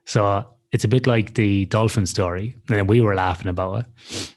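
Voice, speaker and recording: A man's voice: on the low side, fairly even intonation, moderate pace, darkish tone. A man telling a story in casual podcast chat, swearing freely and talking animatedly. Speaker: podcast co-host.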